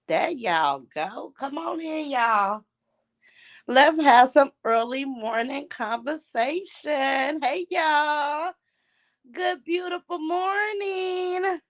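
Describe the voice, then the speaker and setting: High, dry-voiced woman greeting her viewers. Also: takes it slowly, no echo. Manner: chatty, greets viewers by name with pet names. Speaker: livestream host. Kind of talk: casual livestream chat greeting viewers. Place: at home. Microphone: phone livestream.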